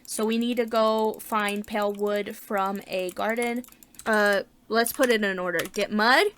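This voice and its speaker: एक महिला अपना गेम खेलते हुए बातचीत के अंदाज़ में कमेंट्री करती है, ज़ोर से सोचती है और बीच-बीच में उत्साह से उछल पड़ती है।. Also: female voice, mid-range voice, measured pace, slight background noise. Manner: chatty, thinks aloud, bursts of excitement. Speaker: gaming channel host. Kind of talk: casual let's-play commentary.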